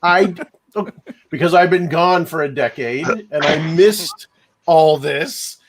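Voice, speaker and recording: A man talking on a video call who halts and repeats words as he explains. His pitch sits a little high. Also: slow, a crowd in the background. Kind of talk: casual chat.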